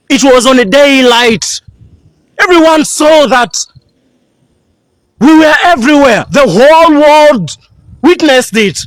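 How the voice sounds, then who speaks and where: A man's voice: very high-pitched, a little hiss or hum. A man from Tanzania, furiously ranting in a video, swearing and repeating his accusations. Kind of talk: angry video rant.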